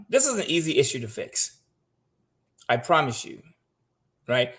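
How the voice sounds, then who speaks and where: A man's voice: medium pitch, expressive, takes it slowly, pauses often. A man talking frankly in casual livestream style, swearing freely and answering viewer comments from his home. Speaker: guest on a finance show. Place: home room.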